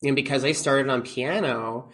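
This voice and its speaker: A man of middle pitch talks as a guest in a casual podcast interview. He is animated and restarts his sentences often. He acts out the advice he gives his students. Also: moderate pace. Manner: animated, quotes himself to students, many restarts. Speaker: oboe professor, interview guest.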